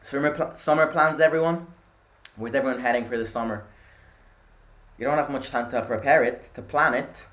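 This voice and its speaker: A young Italian man hosting a live football watchalong, chatting with viewers and reacting loudly to the play. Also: mid-range voice, normal speed. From Italy. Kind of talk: live match watchalong commentary.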